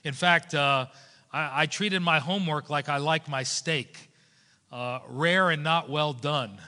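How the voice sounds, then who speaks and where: Guy preaching a sermon in a church, bright voice, long hall echo. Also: fairly high pitch, a little slow. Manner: animated storytelling preacher, acts out voices. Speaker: pastor.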